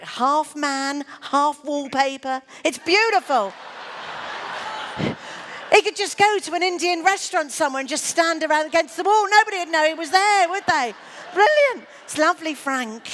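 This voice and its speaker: A woman's voice: high voice, fairly bright tone, a little hiss or hum. A woman doing comic magic patter on stage, teasing and flirting with a volunteer she keeps calling darling. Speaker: comedy magician.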